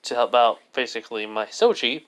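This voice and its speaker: A self-assured ninja swordswoman and mother, played by a man speaks in a smooth, clear voice. She rambles through her offer with fillers and restarts, barely set apart from a plain storyteller's voice. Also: medium pitch, expressive, brisk, a bit bright, close to an everyday voice. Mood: offering a deal.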